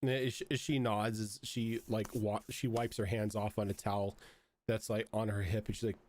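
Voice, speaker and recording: A man's voice: on the low side, little pitch movement, moderate pace, a little mellow. A man narrating as game master of a tabletop game, rambling with frequent fillers.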